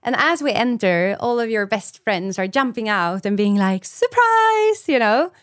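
A woman's voice: medium pitch, normal speed, a bit bright, clear, resonant tone, no echo, studio quality. A woman, a brain specialist explaining ideas in a podcast interview and acting out little example dialogues.

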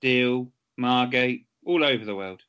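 A man on a podcast who speaks in a dry, wry, casual way at a middle pitch. The recording has a slightly dull, lo-fi sound. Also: measured pace, fairly bright tone, clean tone. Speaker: podcast co-host. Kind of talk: casual chat.

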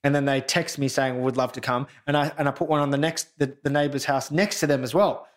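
A man's voice: mid-range voice, a little fast. Male podcast host, mid-range voice, chatty anecdotal storyteller on a remote call. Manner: animated storyteller, lots of restarts. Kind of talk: casual chat.

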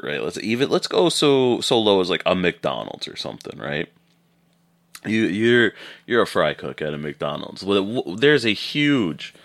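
Casting: low-voiced male co-host, animated and profane in banter. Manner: animated, swearing, acting out voices, laughing. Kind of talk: casual chat.

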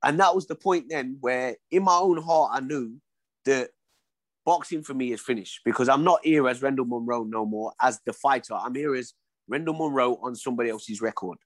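A man's voice: medium pitch, moderate pace, dry recording. A man, a former boxer telling his story in an interview, acting out dialogue and often saying "you know what I mean".

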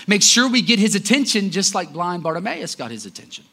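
A man preaching a sermon with passion, swinging from loud cries down to low murmurs. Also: wildly swooping pitch, moderate pace, slightly rough.

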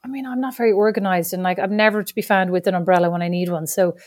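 A middle-aged woman, a podcast co-host, telling a story in a lively, animated way, acting out other people's voices and swearing now and then. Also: medium pitch, fast, no echo, clean studio sound. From Ireland. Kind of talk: casual storytelling chat.

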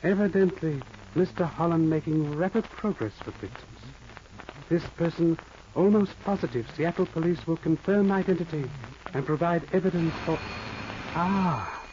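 An actor playing a formal, patient older detective who speaks in clipped, stilted phrases without articles and quotes proverbs, in 1940s radio acting style. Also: male voice, fairly high pitch, moderate pace, lightly acted. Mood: calm, formal. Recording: muffled old radio recording with hiss.

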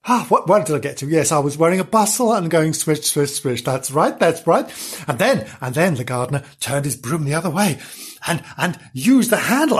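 A woman's voice: low voice, lively intonation, measured pace, breathy edge. A woman telling a mock children's story with rambling, giggly asides.

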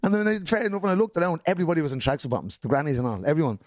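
A man's voice: on the high side, very animated, racing, dry recording, clean studio sound. A man with a Dublin accent, a comedian guest telling stories in casual chat, swearing freely and acting out quotes. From Ireland.

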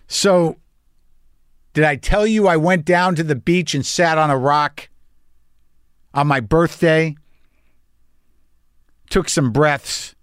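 Man, fifties, from new mexico, podcast host, wry, confessional, swears, slightly high voice, dry close mic. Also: no echo. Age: 50s. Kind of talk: casual monologue.

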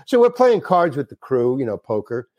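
A man's voice: mid-range voice, big pitch swings, normal speed, a little mellow, no room sound. An older man, a guest actor, telling a casual anecdote in a rambling way, with restarts and casual slang.

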